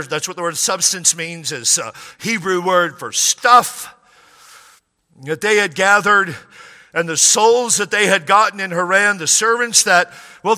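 A middle-aged man preaching a sermon, emphatic, repeating key lines and dropping quiet for asides. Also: sits high. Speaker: pastor. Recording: preached in a hall with long reverb.

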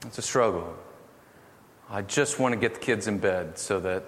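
A middle-aged man preaching a sermon, telling family stories in an earnest, gently humorous way. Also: on the low side, moderate pace. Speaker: pastor. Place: church hall. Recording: echoey hall from far off, faint noise.

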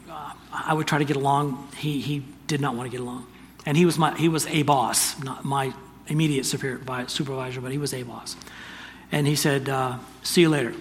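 An older man giving a sermon, telling a personal story in an earnest, halting way with restarts. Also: fairly high pitch, fairly bright tone. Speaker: pastor. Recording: distant reverberant hall, faint ambience.

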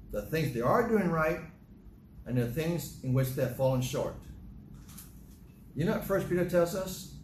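Older male pastor, lively sermon delivery with acted-out dialogue; echoey, noisy recording. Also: medium pitch. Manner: animated, acts out dialogue in different voices. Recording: echoey room with noticeable noise.

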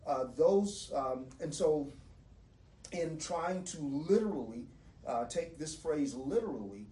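A man teaching a Bible study in a measured, explanatory lecturing manner. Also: fairly high pitch, lively intonation, warm tone, distant mic. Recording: roomy echo, voice from off-mic.

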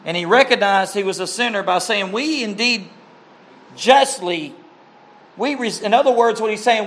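A man preaching a sermon in a slow, earnest, heartfelt way, with emphatic rises and an occasional cleared throat. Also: high-pitched, fairly bright tone. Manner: clears throat now and then.

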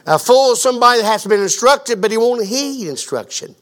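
A man preaching a sermon as pastor, asking the congregation questions and building to a fervent, loud delivery. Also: very high-pitched, moderate pace. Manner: grows louder and more fervent.

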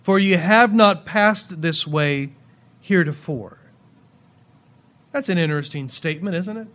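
High-voiced preaching man. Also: a little slow. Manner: reads scripture then explains it with playful asides; swings between loud emphasis and quiet drops. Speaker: pastor. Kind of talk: sermon.

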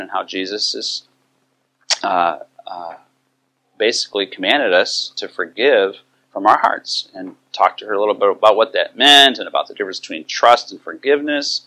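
A man's voice: fairly low pitch, bright, forceful tone. A middle-aged man teaching about biblical counseling, telling a story and acting out the quoted dialogue in a conversational way.

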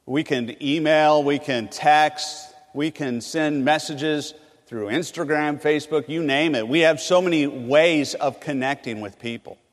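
A man from California preaching a sermon, swinging between loud emphatic bursts and hushed, low phrases. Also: a little slow, in a large hall. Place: large hall on a college campus.

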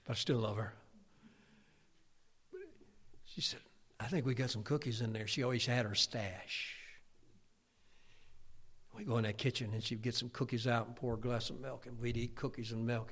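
Gravelly-voiced preacher. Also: male voice, mid-range voice, moderate pace. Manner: animated, shifting between loud exclaiming and hushed whispers. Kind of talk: storytelling sermon.

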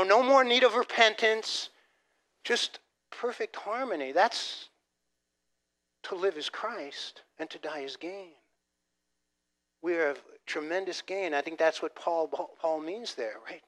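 A man preaching a sermon as pastor, animated, dropping from loud emphasis to soft asides and restarting phrases. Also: high voice. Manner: repeats words as he restarts phrases.

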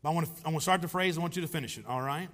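A male pastor delivers a sermon in a church sanctuary. His voice sits high for a man, and he drives his points with repeated rhetorical questions. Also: racing, a bit bright. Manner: emphatic preaching with rhetorical questions and repeated phrases.

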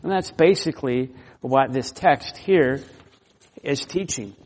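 A man's voice: mid-range voice, slow, a little mellow. Earnest male preacher in a reverberant hall. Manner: earnest, conversational preaching with personal stories. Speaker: pastor. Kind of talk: sermon.

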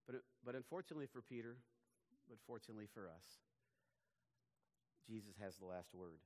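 A pastor preaching a sermon, earnest and emphatic. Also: male voice, on the low side, a little fast, pauses often, a little mellow. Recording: long hall reverb.

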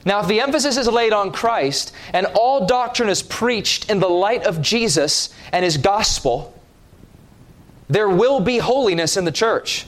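A man preaching a sermon with slow, emphatic delivery, stressing key words and dropping his voice at line ends. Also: high-pitched, animated.

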